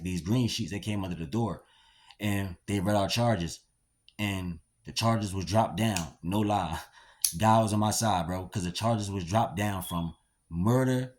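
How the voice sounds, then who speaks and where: A young American man tells a story in a loose, rambling way. His speech is slangy and profane, thick with fillers and restarts. His voice sits on the low side. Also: a little mellow. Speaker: storyteller recounting his past. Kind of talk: casual storytelling vlog.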